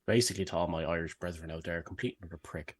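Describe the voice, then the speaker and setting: Deep-voiced man joking on a podcast. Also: racing, husky. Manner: joking, teasing, rambling. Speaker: podcast co-host. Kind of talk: casual banter.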